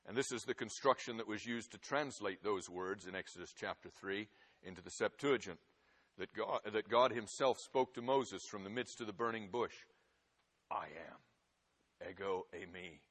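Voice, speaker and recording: A man preaching a sermon, swinging from loud, forceful emphasis to hushed, quiet passages. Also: on the low side, moderate pace. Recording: long hall reverb.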